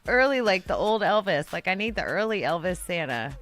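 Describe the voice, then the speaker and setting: A woman's voice: fairly low pitch, big pitch swings, brisk, fairly bright tone. A woman co-hosting a radio show, chatting playfully and laughing often. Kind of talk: casual chat.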